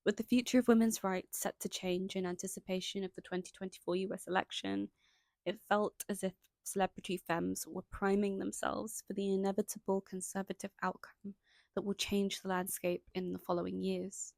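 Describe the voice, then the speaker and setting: A woman's voice: mid-range voice, flat delivery, normal speed, creaky, a little mellow, no echo. A young woman narrating a scripted video essay, stopping now and then for chatty, self-conscious asides. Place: indoors at home, lighting changing.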